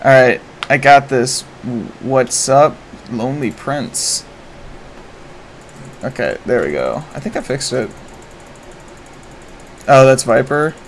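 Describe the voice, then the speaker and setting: A man giving live commentary while streaming a game, excitable and prone to swearing and sudden shouts. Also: medium pitch, slow, pauses often, a little hiss or hum, rough recording.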